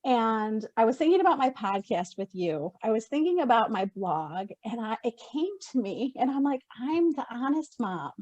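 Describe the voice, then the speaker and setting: A woman's voice: a little high, very animated, moderate pace, few pauses, a little mellow, dry recording, highs cut off. Dry-sounding woman podcast host. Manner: emotional, encouraging, reacts with short interjections. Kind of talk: casual interview chat.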